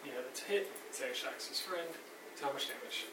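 A man's voice: on the high side, brisk. Man as game master, counts rolls and calls monster moves, laughs a lot, mic distant and noisy. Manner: narrates rolls and monster actions, laughs often. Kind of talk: running a tabletop game. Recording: roomy table recording, mic far off, noisy.

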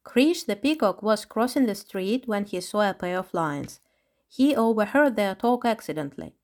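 Woman narrator reading a kids' storybook, clear and even. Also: mid-range voice, normal speed.

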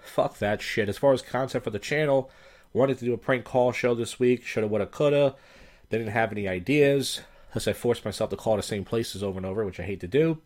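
A man's voice: mid-range voice, fairly quick, darkish tone. A man hosting a casual commentary show on viral clips, talking in a blunt, profane, sardonic way. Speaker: host.

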